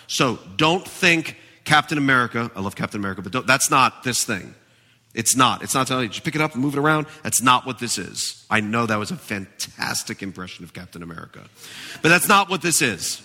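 A man pastor preaching a sermon, animated and emphatic, in a church with a long reverb. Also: medium pitch.

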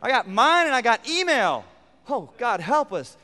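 A man preaching a sermon as pastor, building through emphatic repeated phrases and then dropping to near-quiet asides. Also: very high voice, very animated, normal speed, in a large hall. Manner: preaching with rising emphatic repetition and sudden quiet drops.

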